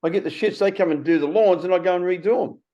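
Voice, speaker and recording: Australian man in his sixties, blunt, swearing, animated, muffled recording. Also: high voice. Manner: blunt, swears freely, talks fast and animated. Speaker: podcast host. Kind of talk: casual conversation.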